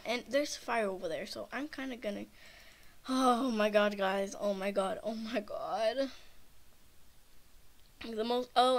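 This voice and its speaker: A shaken, nervous woman gives rambling, frightened commentary on her own gameplay and keeps repeating herself. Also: a little high. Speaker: gamer, channel host.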